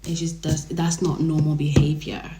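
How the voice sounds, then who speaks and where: A young woman telling a dramatic storytime vlog in a chatty, animated way. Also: low-pitched, moderate pace, over loud music. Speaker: vlogger. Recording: roomy echo.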